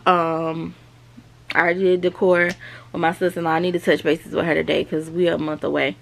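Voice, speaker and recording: She's a mother in her thirties from South Carolina, casually confiding in her viewers from home as she talks to the camera. Her low voice shows little pitch movement, has vocal fry and a fairly bright tone, and moves at normal speed.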